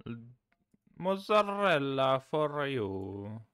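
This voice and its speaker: A man streaming a cooking game, chatting casually, swearing and suddenly shouting. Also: mid-range voice, sing-song, drawn-out words, clear, resonant tone, dry recording, studio quality. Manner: chaotic, swears, bursts of shouting. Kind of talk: casual gameplay chat.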